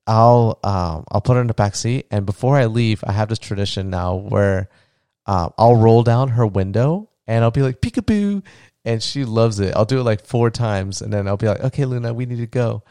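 A man talks through his day on a casual solo podcast, with fillers and restarts and a lot of tenderness. His voice is low-pitched and gravelly yet smooth and resonant. The recording is dry and close, with no room sound. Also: moderate pace, mellow, dry recording. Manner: rambling, heartfelt, gets emotional; many fillers and restarts, tender when talking about his child. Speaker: podcast host.

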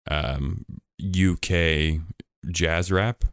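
A man's voice: low voice, fairly even intonation, very slow, a bit bright, clean tone, dry recording, clean studio sound. A man hosting a podcast, chatting casually in a rambling, jokey way with lots of fillers. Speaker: podcast host.

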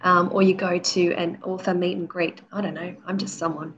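The recording is slightly dull and lo-fi, yet her low voice sounds a bit bright, delivered flatly at normal speed. She's an author in her forties, a chatty guest in casual interview conversation, sprinkling in many "you know"s and acting out quotes as she tells stories.

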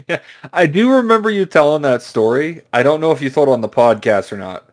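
A man co-hosting a podcast, trading jokes in a dry, offhand deadpan. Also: fairly high pitch, brisk. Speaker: podcast co-host. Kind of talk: casual joke-telling chat.

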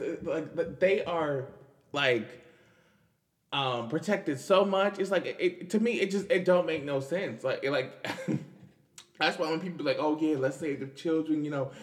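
A young man, hosting a casual podcast and commenting on news in a loose, chatty way with restarts and laughs. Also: fairly high pitch. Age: 20s. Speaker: podcast host.

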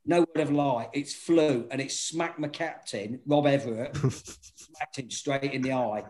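A man's voice: medium pitch, unhurried. A middle-aged man, telling rowdy anecdotes in casual chat, laughing often and swearing freely. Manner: laughing, swearing, animated storytelling.

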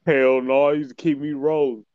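A man's voice: medium pitch, little pitch movement, normal speed, smooth, dull audio. A man in casual chat, chiming in with brief reactions and backing up the story. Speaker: listener.

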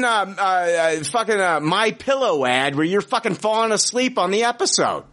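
Animated, swearing man ranting on a podcast. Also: high voice, moderate pace, hardly any pauses. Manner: animated, profane, mock-outraged ranting. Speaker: podcast host. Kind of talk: casual podcast banter.

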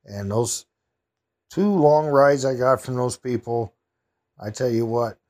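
A man telling a personal story in a rambling, heartfelt way, in an everyday mid-pitched voice. He talks casually and openly. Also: takes it slowly, a little mellow.

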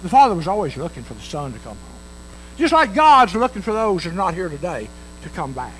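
High-voiced pastor guy preaching folksy, swings up and down a lot, faint hum under it. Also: very animated, brisk, low-quality recording. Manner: folksy preaching, acting out the parable's dialogue. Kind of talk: sermon.

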